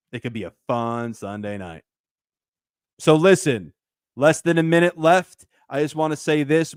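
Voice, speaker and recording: A man hosting a casual sports talk show, animated and emphatic, often repeating his points. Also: medium pitch, no echo, clean studio sound.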